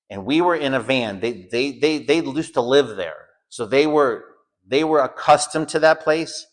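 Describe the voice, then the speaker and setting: Animated American man telling a story. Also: medium pitch. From United States. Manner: animated storyteller, acts out shouted quotes. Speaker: home school teacher. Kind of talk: lecture with personal story.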